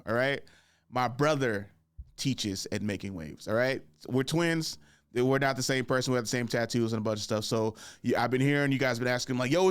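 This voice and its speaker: A man's voice: medium pitch, smooth. A young man hosting a casual podcast, loose and joking, swearing freely as he tells stories. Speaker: podcast host.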